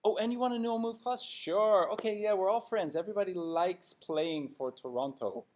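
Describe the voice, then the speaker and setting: A man's voice: high-pitched, moderate pace, darkish tone, voice pushed up, natural voice. A man putting on a mocking voice of a fawning, nervous male hockey executive who is eager to please. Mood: sugary.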